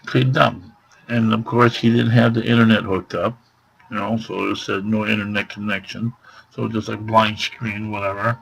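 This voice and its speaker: A man's voice: on the low side, flat delivery, normal speed, gravelly, a bit bright, husky, rough recording. A man telling a rambling, exasperated story about a store visit in a casual vlog, packed with fillers. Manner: rambling retelling full of fillers; exasperated complaining. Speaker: vlogger.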